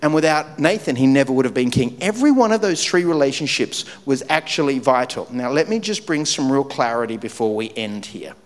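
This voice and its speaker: A man preaching a sermon, telling a story with lively shifts between loud punchy lines and low, quiet, weighty ones. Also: a little fast, few pauses, in a large hall. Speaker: pastor.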